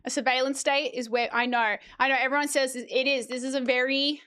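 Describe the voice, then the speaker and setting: High-voiced woman streamer. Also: little pitch movement, brisk, a bit bright, smooth. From Australia. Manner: chatty, playful, swears while reading. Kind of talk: casual chat, reading a kids' book aloud.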